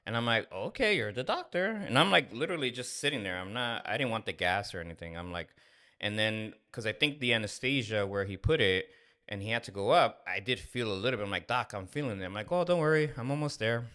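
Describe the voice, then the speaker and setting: A man's voice: on the low side, fast talker. A man in his thirties telling a candid personal story on a podcast, acting out the dialogue as he goes. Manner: candid, animated, acts out dialogue. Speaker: podcast co-host. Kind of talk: casual storytelling.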